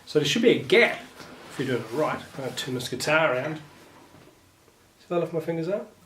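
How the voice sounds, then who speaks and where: A man giving a relaxed guitar lesson, talking through finger positions with a few fillers. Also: fairly high pitch, normal speed. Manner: relaxed, thinks aloud with fillers. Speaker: guitar teacher. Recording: roomy with guitar playing. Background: guitar playing.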